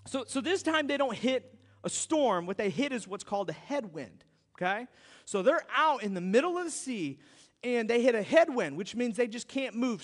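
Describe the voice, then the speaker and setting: High-voiced preacher in echoing hall. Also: male voice, moderate pace. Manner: storytelling, animated, conversational. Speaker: pastor. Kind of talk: sermon. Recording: long hall reverb.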